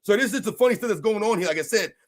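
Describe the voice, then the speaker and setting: This sports streamer, a man with a high, expressive voice, delivers a rapid-fire basketball rant live. He's heated and mocking throughout, repeatedly firing off rhetorical questions.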